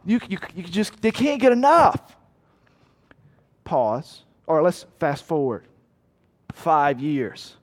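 High-voiced animated preacher man. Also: slow pace, pauses often. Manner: animated, acts out voices and cries, rhetorical repetition. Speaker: pastor. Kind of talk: sermon.

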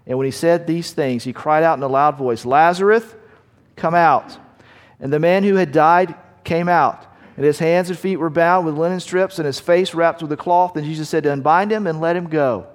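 A man preaches a sermon in a church sanctuary, his voice sitting a little high for a man. He slows down to lean on key words and lets his lines sink to a hush. Long reverb trails after each phrase. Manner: slows down to stress key words, drops to quiet at line ends. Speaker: pastor.

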